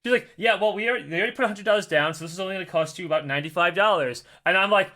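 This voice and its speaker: A man in his thirties telling a long story in casual podcast chat, swearing and laughing as he goes, his voice still hoarse and cracking. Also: high-pitched, very fast, pushed and bright, a little hiss or hum. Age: 30s. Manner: rambling storyteller, laughs often, swears freely. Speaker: podcast co-host.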